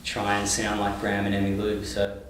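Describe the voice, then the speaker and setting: Australian male guest, lower voice, loose and rambling, recorded far off in a very echoey space. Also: a little fast, a little hiss or hum. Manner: relaxed, rambling, many fillers and restarts. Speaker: touring singer-songwriter, guest. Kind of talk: casual interview. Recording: echoey room, mic at a distance.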